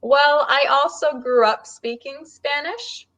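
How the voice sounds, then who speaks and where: A woman's voice: sits high, takes it slowly, a bit bright, poor audio. Friendly American woman tutor, laughing often. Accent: general American. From United States. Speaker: online English tutor. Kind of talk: casual conversation lesson. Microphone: video call.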